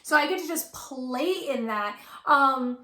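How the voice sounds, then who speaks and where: A woman's voice: high-pitched, expressive, a little slow, pushed and bright, roomy sound. A woman coach chatting casually and effusively about her relationship, full of "like" and "right". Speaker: twin flame coach. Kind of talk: casual chat.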